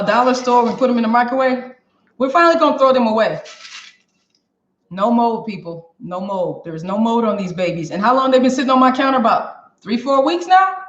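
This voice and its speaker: Chatty woman hosting a live kitchen stream. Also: on the high side. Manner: chatty, talks straight to viewers. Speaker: cooking show host. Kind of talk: casual live cooking stream chat. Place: home kitchen. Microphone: camera on a stand for a live stream. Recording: roomy, dull kitchen sound.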